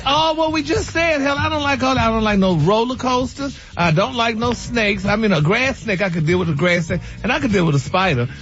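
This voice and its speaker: A man's voice: extremely high pitch, animated, fairly quick, few pauses, a bit bright. A man co-hosting a radio morning show, sassy and flamboyant, calling people honey. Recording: muffled radio broadcast with music bed.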